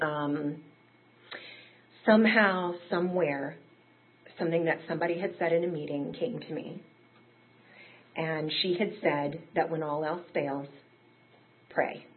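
A woman telling her own recovery story in a candid, conversational way that rises into emotional peaks. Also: deep voice. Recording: tinny phone-like audio.

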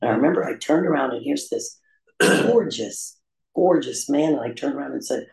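A man candidly telling his own recovery story in a confessional, self-deprecating way, with frequent pauses and "um" fillers. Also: medium pitch, creaky, a little mellow. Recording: roomy echo.

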